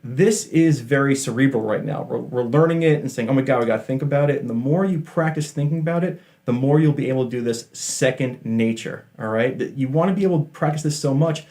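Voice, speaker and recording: A man's voice: medium pitch, fast, few pauses, a little mellow. Chatty man teaching guitar. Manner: chatty, jokey, self-deprecating asides. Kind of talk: casual video lesson. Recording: faint guitar playing behind.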